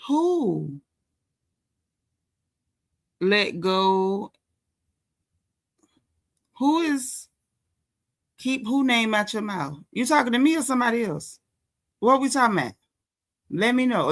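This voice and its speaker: A woman hosting a casual live stream, chatty and slangy, shouting out viewers by name. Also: fairly high pitch, lively intonation, brisk. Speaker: host of a celebrity gossip live stream.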